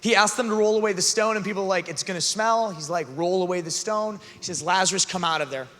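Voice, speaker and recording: A man giving an earnest, conversational youth talk that builds to loud emphatic passages, recorded in a large arena hall. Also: high-pitched, quick pace. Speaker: youth conference speaker. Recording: long hall reverb.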